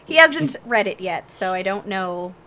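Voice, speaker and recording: A woman's voice: mid-range voice, expressive, a little slow, pushed and bright, slight background noise. A young woman co-hosting a casual gaming podcast, teasing and blunt. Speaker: podcast co-host.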